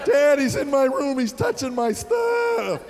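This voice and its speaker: A man's voice: very high-pitched, sing-song, measured pace, a little mellow, shouting, some chatter behind, slight background noise, pitched above the performer's own voice, heavily acted. A man playing a whiny teenage boy whose voice never broke, shrieking a complaint. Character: teen boy with squeaky, unbroken voice, whiny.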